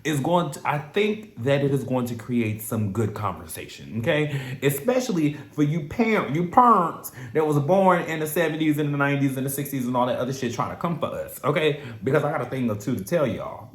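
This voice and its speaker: A young man hosting a casual reality TV recap, animated, sassy and profane, stretching words out for emphasis. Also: medium pitch, fairly quick, hardly any pauses. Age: young adult. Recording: echoey room.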